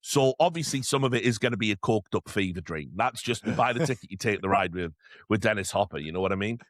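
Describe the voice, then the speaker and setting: A man's voice: fairly low pitch, fast, dry recording, studio quality. A man co-hosting a casual film podcast, who tells stories with energy and acts out scenes. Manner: animated storytelling, acts out scenes. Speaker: podcast co-host.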